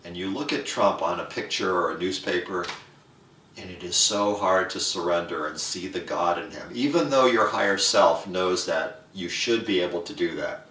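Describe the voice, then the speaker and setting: Brief: man, lowish pitch, forceful bright tone, playful comic rant, recorded from a distance in an echoey room. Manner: playful, acts out inner voices in a higher pitch. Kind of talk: humorous rant to camera. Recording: roomy echo, mic at a distance.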